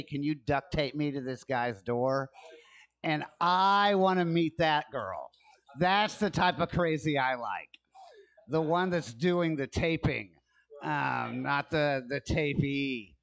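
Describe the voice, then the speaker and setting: Slow, gravelly man doing stand-up. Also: mid-range voice, a bit bright. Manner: halting, filler-heavy, dry self-deprecating. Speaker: stand-up comedian. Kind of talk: stand-up comedy set. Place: comedy club stage.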